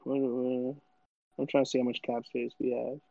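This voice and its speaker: Male co-host, slangy and insistent, mid pitch, dull lo-fi dry mic. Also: flat delivery, moderate pace, gravelly, dry recording. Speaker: podcast co-host. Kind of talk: casual chat.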